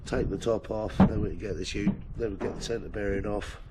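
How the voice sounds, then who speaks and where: A fairly low-voiced man talks through a repair job in a relaxed, halting way, his throat hoarse and croaky. Loud workshop noise and clicks run under everything he says. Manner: laid-back, explains as he works, many fillers. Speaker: host doing vehicle repairs. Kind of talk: casual how-to narration.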